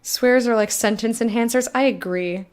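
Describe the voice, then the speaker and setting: A woman's voice: fairly high pitch, moderate pace, darkish tone. Chatty, foul-mouthed woman streamer. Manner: chatty, frank, swears freely, talks to chat. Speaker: game streamer. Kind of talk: casual let's-play chat, reading game text aloud.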